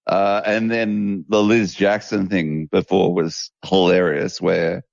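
Brief: gravelly Australian male co-host, animated, coarse, dull dry recording. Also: deep voice, slow, no room sound. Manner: animated, laughing, swearing. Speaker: podcast co-host. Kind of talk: casual chat.

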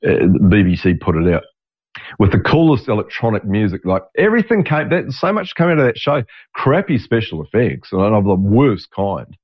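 A man's voice: on the low side, very animated, moderate pace, slightly rough. A man in his sixties hosting his own show in a rambling, digressive monologue, restarting sentences and swearing now and then. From Australia. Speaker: podcast host. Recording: dull lo-fi audio.

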